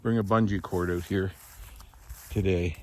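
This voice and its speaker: Deep-voiced rancher outdoors. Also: male voice, fairly even intonation, measured pace, darkish tone. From Alberta, Canada. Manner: chatty, talks fondly to his cows. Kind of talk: casual vlog chat. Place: outdoors in a snowy calving yard. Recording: outdoor wind and noise.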